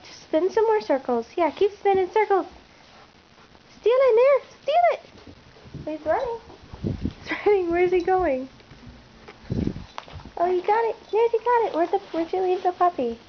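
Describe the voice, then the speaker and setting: A young woman with an extremely high voice plays with her puppy at home and talks to it in a teasing, sing-song way while she films on a handheld camera. The sound is dull and a little muffled. A faint hiss sits under it, like an old home video. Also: lively intonation, moderate pace, pauses often. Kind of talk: casual talk to pets while filming. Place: indoors at home.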